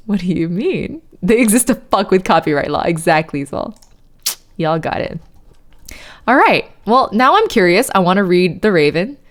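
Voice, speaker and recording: Lively, giggly woman streamer. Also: lowish voice, normal speed. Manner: chatty, giggly, reads viewer messages aloud. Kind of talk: casual chat with live chat readers.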